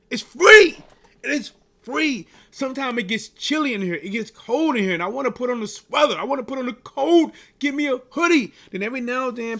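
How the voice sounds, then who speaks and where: Male live-stream sports host, casual and animated, repeats himself and hypes the chat, slightly raised pitch. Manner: animated, repetitive, hyping the chat.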